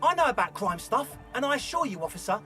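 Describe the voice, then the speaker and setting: A man's voice: very high voice, very animated, fast talker, pushed and bright, soft background music, heavily acted. An actor playing an earnest young male raver in a game, with a casual, laid-back way of reassuring people. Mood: easygoing. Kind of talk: game dialogue.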